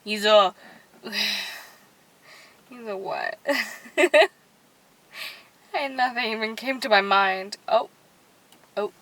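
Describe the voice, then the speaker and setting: A woman's voice: mid-range voice, drawn-out words, long pauses, fairly bright tone, poor audio. A young woman vlogging casually to her viewers from a parked car at night, bubbly and chatty, sometimes dropping to a whisper. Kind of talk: casual rambling chat to viewers.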